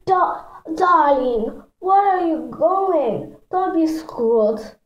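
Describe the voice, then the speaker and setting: A woman voicing a six-year-old girl who pretends to be a diva hairstylist, speaking with a fake French accent in a shrill, gushing way. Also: animated, extremely slow, echoey room, lo-fi sound, heavily acted. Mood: coaxing.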